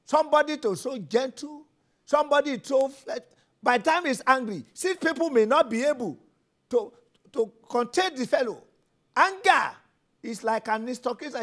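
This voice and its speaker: Nigerian male pastor, high bright voice, fervent preacher who repeats commands and builds to shouts. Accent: Nigerian English. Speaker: pastor leading prayer. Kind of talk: sermon and prayer session.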